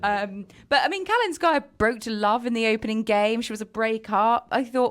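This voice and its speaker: A woman's voice: on the high side, lively intonation, a little fast, hardly any pauses, a bit bright, clean tone. A woman co-hosting a podcast, talking in a chatty way and laughing at herself. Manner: chatty, laughing, self-mocking. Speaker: podcast co-host. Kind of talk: casual chat.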